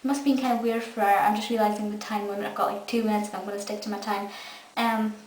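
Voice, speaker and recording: A woman's voice: medium pitch, level tone, quick pace. A young Scottish woman gushing through a casual episode review. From Scotland. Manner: enthusiastic, gushing. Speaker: fan reviewer. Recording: echoey room, mic far off, faint hiss.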